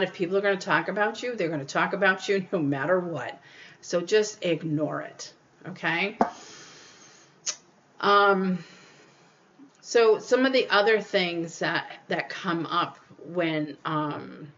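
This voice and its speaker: Her voice runs low and the recording loses its highs. She's a podcast host sharing earnest, casual life advice, going over points again and acting out quoted people along the way.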